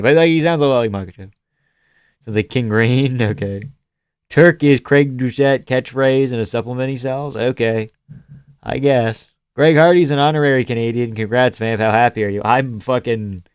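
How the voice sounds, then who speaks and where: A man talking casually as he hosts a live fight stream, joking around, cursing freely and answering chat. His voice is smooth and clean, mid-pitched, recorded close and dry with no room sound. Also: no echo. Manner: joking, swears often, reads chat aloud. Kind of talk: casual fight reaction commentary.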